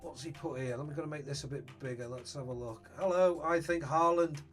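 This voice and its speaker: A man's voice: fairly high pitch, brisk, fairly bright tone, soft background music. A man chatting casually on a live stream, greeting viewers and thinking aloud about his team.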